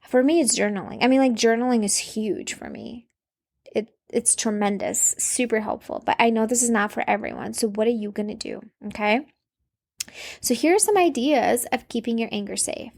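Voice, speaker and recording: A fairly high-voiced woman in her thirties talks on her podcast in a loose, chatty way. She leans on fillers, restarts her sentences and laughs softly now and then. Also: normal speed, gravelly. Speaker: podcast host. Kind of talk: casual advice podcast.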